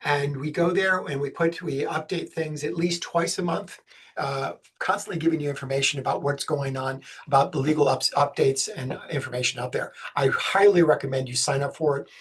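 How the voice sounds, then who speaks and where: A man from the States, giving a webinar presentation on special education law in a fast, energetic way with jokey asides. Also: on the high side, husky. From Southern United States.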